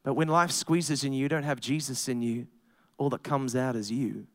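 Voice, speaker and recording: A man preaching a sermon to a congregation, telling a personal story and building up to loud, emphatic preaching. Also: medium pitch, fairly even intonation, moderate pace.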